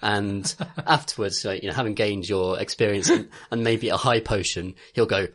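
Young guy rambling on a podcast, husky lowish voice, laughs a lot. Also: moderate pace, fairly bright tone. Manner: rambling, laughing, lots of fillers and restarts. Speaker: podcast co-host. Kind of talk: casual chat.

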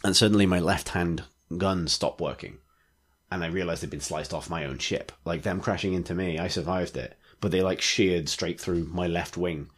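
A man with a low, deep voice talks in casual podcast chat. He rambles enthusiastically, full of likes and restarts, as a regular co-host. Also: steady tone, moderate pace, husky. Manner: rambling, enthusiastic, many fillers.

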